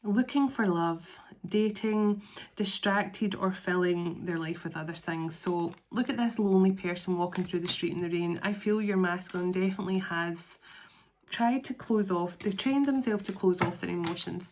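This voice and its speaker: A woman giving an intuitive tarot reading to her viewers, talking in a soft, earnest and openly emotional way, and stretching out words as she reads the cards. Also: fairly low pitch, moderate pace, a little hiss or hum. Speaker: tarot card reader.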